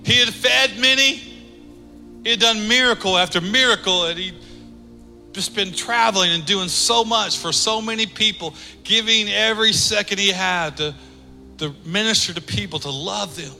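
A man preaching a sermon as pastor, emphatic, swinging between loud declarations and hushed asides. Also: high voice, normal speed, soft background music. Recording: long reverb of a large hall.

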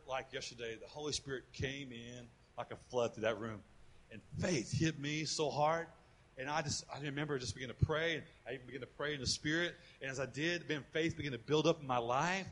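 Man, pastor, sermon, high-pitched, bright forceful tone, animated, repeats words. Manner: animated, calls on the congregation to respond, repeats words when building a point.

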